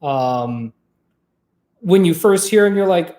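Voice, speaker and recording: A vlog host and trained former opera singer, chatting casually to camera in a rambling, profane, lively way. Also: mid-range voice, slow, reverberant.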